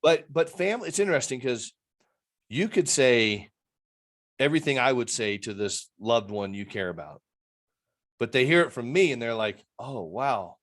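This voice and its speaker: A man's voice: mid-range voice, animated, moderate pace, long pauses, fairly bright tone. A man who works as an addiction interventionist, a guest on a video-call interview, talking in an earnest, rambling way and acting out the people he quotes.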